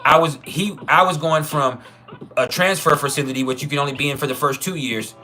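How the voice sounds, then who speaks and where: A man's voice: fairly high pitch, fairly even intonation, brisk, bright, forceful tone. A man casually telling a personal story, profane and chuckling, with many trailing restarts. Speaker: channel host.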